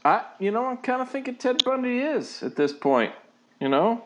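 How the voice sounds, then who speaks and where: A man's voice: very high voice, very animated, moderate pace. A man co-hosting a casual podcast chat, telling stories with restarts and chuckles. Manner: rambling storyteller with restarts and chuckles. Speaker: podcast co-host, father.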